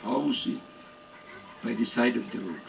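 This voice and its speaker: An older man from India with an Indian accent, giving a devotional lecture as a spiritual teacher in a slow, halting, deliberate way. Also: fairly low pitch, creaky, slight background noise, rough recording.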